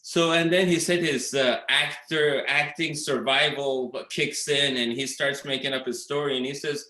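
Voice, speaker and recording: A man's voice: on the high side, fairly even intonation, moderate pace, sharp tone. Rambling man in an echoey room. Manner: rambling storytelling with many fillers. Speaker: documentary director, guest. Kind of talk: casual interview talk. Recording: roomy echo.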